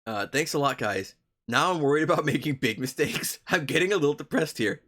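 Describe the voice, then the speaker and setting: A young male streamer reads a story aloud to his live chat, his voice sitting a little high. He breaks off between lines for cursing, joking asides to his viewers, keeping it loose and casual. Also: lively intonation, a little fast, a bit bright.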